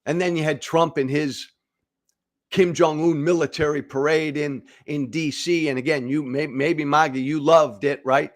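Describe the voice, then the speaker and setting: A man's voice: fairly high pitch, fairly even intonation, moderate pace. A middle-aged man hosting a political commentary show, speaking emphatically, with repeated phrases and stammered restarts. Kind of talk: direct-to-camera political commentary.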